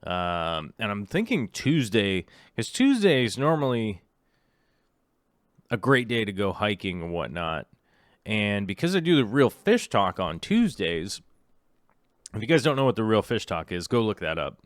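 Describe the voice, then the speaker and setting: A middle-aged man chats loosely on a livestream, restarting sentences and reading out viewer comments. His voice sits a bit low and sounds smooth and clear. The mic is close and dry, with no room sound. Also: big pitch swings, a little slow, dry recording. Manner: rambling, many ums and restarts, reads viewer comments aloud. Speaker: livestream host. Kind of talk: casual livestream chat.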